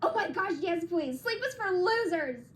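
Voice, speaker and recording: A woman voicing a bubbly, excitable teenage girl with a Valley Girl accent in a homemade comic dub. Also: very high-pitched, moderate pace, a little hiss or hum, pitched above the performer's own voice. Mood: eager. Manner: gushing, breathless excitement. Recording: music playing behind.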